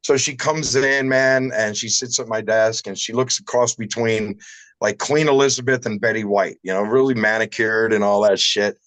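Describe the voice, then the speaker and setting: A man's voice: lowish voice, fairly even intonation, normal speed, fairly bright tone, no room sound, rough recording. A man who runs a shower door shop, chatting casually on a livestream and telling rambling anecdotes with some salty language.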